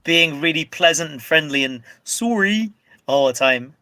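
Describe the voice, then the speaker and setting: A man joins a casual stream chat and teases the host. His voice is slightly high and bright. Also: lively intonation, measured pace, no echo.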